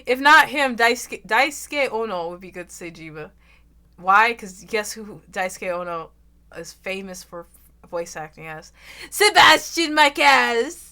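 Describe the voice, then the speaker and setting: A young woman with an American Southern accent, chatting loudly and casually with her stream audience, rambling and swearing freely. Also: a little slow. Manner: loud, rambling, swears freely, bursts into shrill laughs. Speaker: VTuber streamer.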